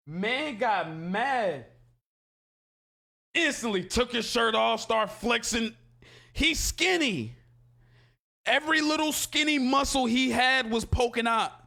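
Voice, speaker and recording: Bright-voiced animated man telling a story. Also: high-pitched. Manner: animated, slangy, acts out quotes. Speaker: game streamer. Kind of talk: casual storytelling while gaming.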